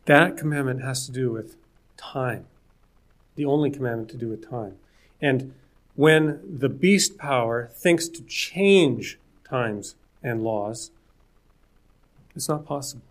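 A man's voice: medium pitch, slow pace, long pauses. A man preaching a sermon in an earnest, conversational way, with jokes and asides to the listeners.

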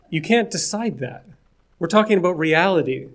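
A man's voice: a little high, expressive, unhurried. A man preaching a sermon in an earnest, conversational way, with jokes and asides to the listeners.

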